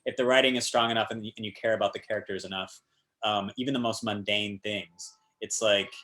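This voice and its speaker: A man from the American South, a guest actor, chatting casually and telling animated stories with plenty of fillers. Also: fairly low pitch, brisk. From Georgia, US South. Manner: animated storyteller, many fillers. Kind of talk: casual interview chat.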